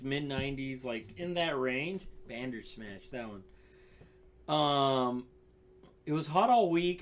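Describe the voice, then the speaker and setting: Rambling, profane young man streamer. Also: a little high. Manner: rambling, profane, frequent fillers. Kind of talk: casual storytelling on stream.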